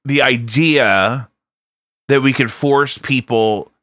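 A man's voice: medium pitch, slow, a bit bright, no room sound, studio quality. A man hosting a podcast at home, rambling and cursing freely as he thinks aloud. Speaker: podcast host. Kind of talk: casual chat.

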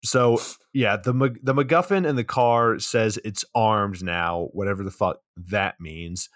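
Low-voiced man recapping a movie. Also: unhurried, a bit bright, no room sound. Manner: recaps plot loosely, swears casually, dry asides. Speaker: podcast co-host. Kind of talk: casual movie recap chat.

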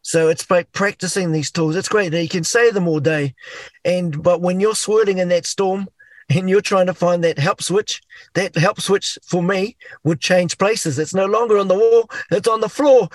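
NZ-accented middle-aged male guest, lively storyteller, high-pitched, dry studio sound. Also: normal speed, dry recording. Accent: New Zealand. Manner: animated, acts out inner voices. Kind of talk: casual chat.

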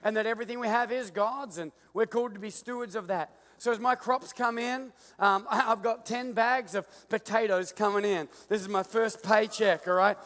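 High-voiced Australian pastor in a hall. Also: male voice, normal speed, few pauses. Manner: playful, joking, animated with the crowd. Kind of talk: lively sermon with stage illustration. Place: large church auditorium.

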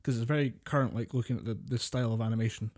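A man's voice: medium pitch, steady tone, racing, a little mellow. A Scottish man co-hosting a podcast, chatting in an easygoing, agreeable way. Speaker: podcast co-host. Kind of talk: casual podcast chat.

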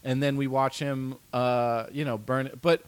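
A man's voice: medium pitch, steady tone, normal speed, clear, resonant tone, no room sound. A man, a comedian guest on a podcast, talking in casual chat in a reflective, wry, rambling way.

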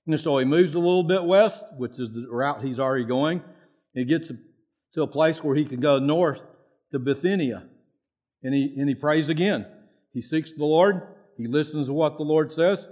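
A man's voice: medium pitch, moderate pace, a little mellow. A man preaching a sermon in a folksy, repetitive way, raising his voice to act out prayers. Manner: acts out prayers in a raised voice. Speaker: pastor.

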